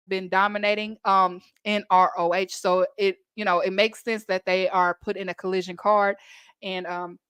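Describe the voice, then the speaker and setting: A woman's voice: medium pitch, fairly bright tone, clean tone, no echo. A woman from Texas with a Texan accent, hosting a casual wrestling recap podcast and chatting emphatically to listeners.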